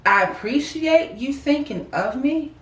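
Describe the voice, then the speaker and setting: A woman's voice: high voice, animated, unhurried, far from the mic. A woman co-hosting a casual heartfelt chat, talking emphatically and repeating herself to make her point. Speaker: co-host. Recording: roomy, off-mic sound.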